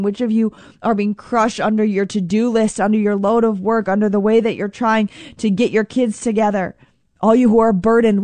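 A woman preaching a sermon in an earnest, emphatic way. She repeats key phrases and slows down to stress them. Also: fairly high pitch, darkish tone, dry recording.

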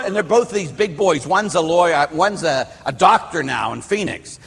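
Middle-aged man, priest, sermon, rambling storyteller, slightly raised voice, husky, church hall reverb. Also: a little high, lively intonation, normal speed, few pauses, fairly bright tone. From Pittsburgh. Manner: rambling storyteller, restarts and asides. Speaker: Catholic priest. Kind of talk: sermon with personal stories.

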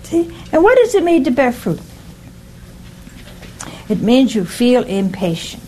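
A woman's voice: on the high side, very animated, a little slow, warm tone, slight background noise, poor audio. A woman leading a small Bible study group in a chatty teaching style. She keeps asking the group questions and often says "See?".

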